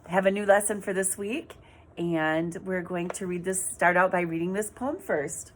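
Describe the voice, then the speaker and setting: A woman teacher giving an online reading lesson to young children, speaking in a clear, sing-song way and spelling words out letter by letter. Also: lowish voice, fairly even intonation, moderate pace, a little hiss or hum.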